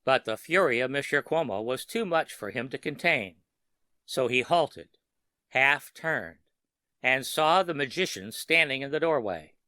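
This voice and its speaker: A man narrating a scripted horror story for sleep in a steady, measured way. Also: mid-range voice, clean tone, no echo.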